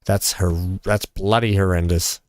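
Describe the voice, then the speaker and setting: A man's voice: low-pitched, fairly even intonation, measured pace. A man streaming a building game, chatting casually with viewers and reading chat with many fillers. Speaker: live-streaming gamer. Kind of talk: casual live-stream commentary while building.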